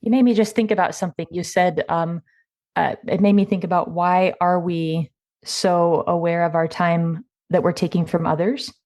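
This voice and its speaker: A woman's voice: on the low side, steady tone, moderate pace, a little mellow. Candid woman handler telling stories. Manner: candid, self-deprecating anecdotes. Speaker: podcast co-host and dog handler. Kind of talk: casual conversational storytelling.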